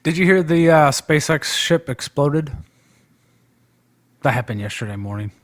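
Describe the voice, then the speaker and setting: A man's voice: fairly high pitch, expressive, a little slow. A man talking casually on a live stream, chatty and rambling in a loose, informal way as he discusses politics. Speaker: guest debater on a live stream.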